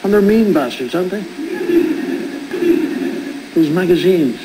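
A man's voice: sits high, expressive, unhurried. A man in his fifties telling a wry stand-up monologue, acting out both sides of conversations in his stories. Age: 50s. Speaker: stand-up comedian. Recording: noisy old television broadcast.

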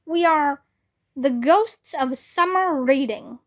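A woman's voice: high voice, takes it slowly. A woman voicing a matter-of-fact female ghost in a children's story. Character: bossy female ghost librarian.

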